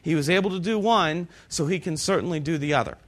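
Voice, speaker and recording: Male pastor, nasal tone, high-pitched, sermon delivery, slows for scripture. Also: fairly bright tone. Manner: slows down for scripture and key points. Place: cinema used as a church.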